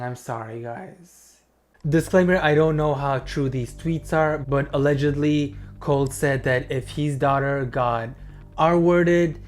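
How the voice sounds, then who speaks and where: Young male commentary YouTuber, higher-pitched, heated and profane, apologizes often. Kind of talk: casual commentary.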